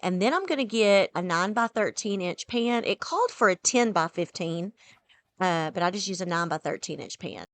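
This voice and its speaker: Here a home cooking vlogger, a woman with a mid-range voice, chats at a fairly quick clip as she makes supper in her kitchen. Her manner is easygoing and talkative, with plenty of "y'all."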